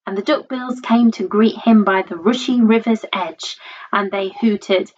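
A woman reading a rhyming storybook aloud in a lilting, rhythmic, expressive voice, on a dull lo-fi recording. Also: mid-range voice, measured pace.

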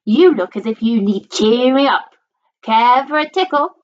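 A woman's voice: a little high, lively intonation, a little slow, voice pushed up. A woman voicing a cheerful storybook man who loves tickling people. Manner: cheerful and chuckling. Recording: dull lo-fi recording.

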